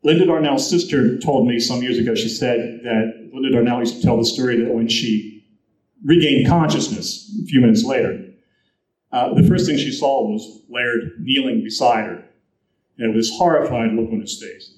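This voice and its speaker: A man's voice: mid-range voice, normal speed, darkish tone, reverberant, rough recording. A man speaking to an audience, telling film history anecdotes and acting out the quoted voices as he goes. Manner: storytelling, acts out quoted voices.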